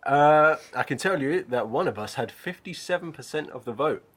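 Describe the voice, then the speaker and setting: Grumpy, sweary co-host. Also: male voice, on the high side, expressive, moderate pace, fairly bright tone. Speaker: podcast co-host. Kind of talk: casual banter.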